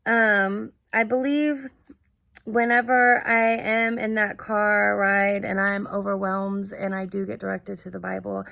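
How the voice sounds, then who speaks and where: A young woman talking about her own experiences in a halting, earnest way, full of fillers and restarts. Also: mid-range voice, gravelly, a bit bright, dry recording. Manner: earnest and searching. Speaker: vlogger. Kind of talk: casual personal monologue.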